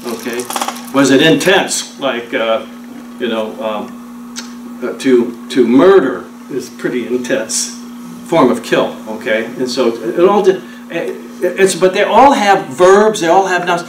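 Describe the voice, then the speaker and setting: A man's voice: medium pitch, slow. A man leading a church Bible study, explaining scripture in a conversational way and quizzing the class with questions. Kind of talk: interactive Bible study lesson. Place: church meeting room. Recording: echoey room, distant mic, noisy.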